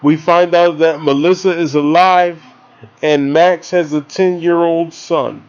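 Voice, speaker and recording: Rambling excitable man, high voice. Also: a little slow, clean tone, muffled recording. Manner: rambling and excitable, swears casually. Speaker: movie reviewer. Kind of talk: casual spoken movie review.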